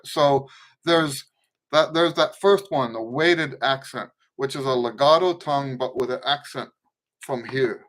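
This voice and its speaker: A middle-aged man teaches trumpet on a live Q&A stream, loosely talking through his points and singing tonguing syllables aloud. His medium-pitched voice is unhurried and a bit bright, and the lesson is casual and spoken, with playing demonstrations.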